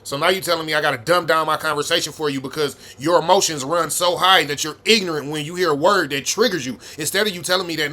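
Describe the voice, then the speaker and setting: A man on a heated, profane rant, cutting in with blunt remarks. His voice is bright and forceful and sits a little high for a man. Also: fast talker, few pauses. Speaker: reaction video host. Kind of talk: heated commentary.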